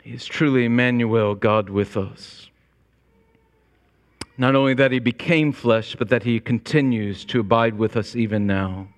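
A man preaching a sermon as pastor, climbing to emphatic high peaks and then dropping low and quiet. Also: fairly even intonation, a little slow. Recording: long reverb of a large hall.

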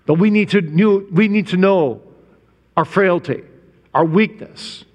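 Man, preacher, sermon, high voice, emphatic, rhetorical questions, long church reverb. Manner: emphatic, rhetorical questions, drawn-out stressed words.

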